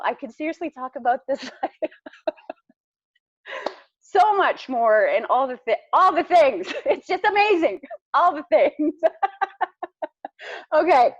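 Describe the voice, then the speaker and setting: Excited rambling woman, dull dry sound. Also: high-pitched, no room sound. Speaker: speaker on a group call. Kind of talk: casual chat.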